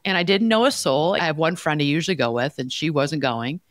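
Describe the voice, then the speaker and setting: A woman's voice: low voice, animated, fairly quick, no room sound, clean studio sound. A woman co-hosting an advice podcast as a life coach, talking in an emphatic, direct way and telling stories with animation.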